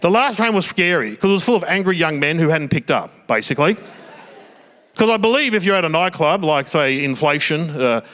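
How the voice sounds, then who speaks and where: A man's voice: a little high, expressive, fairly bright tone. A middle-aged Australian man doing stand-up comedy, telling chatty, self-mocking stories on a theatre stage. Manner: chatty, self-mocking anecdotes with quick voiced asides. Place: small theatre stage before a live audience.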